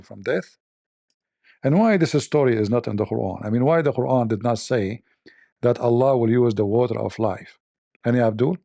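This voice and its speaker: A man's voice: mid-range voice, vocal fry, warm tone, dry recording, studio quality. A man hosting a mocking commentary on religion, sarcastic, repeating his phrases and laughing at his own jokes. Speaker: show host.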